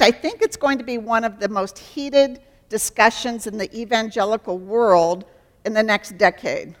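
A woman's voice: a little high, big-room sound. A woman giving an earnest sermon as a Christian counselor, acting out dialogues to teach.

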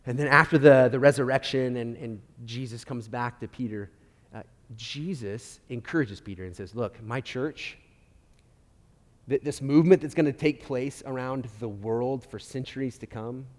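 A man preaching a sermon at a mid pitch, with a long reverb trailing after his words. He tells the story with feeling, rising loud for emphasis and then dropping to a hush. He often stumbles and restarts his phrases. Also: moderate pace. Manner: animated storytelling, with frequent restarts and swings between loud and quiet. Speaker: pastor.

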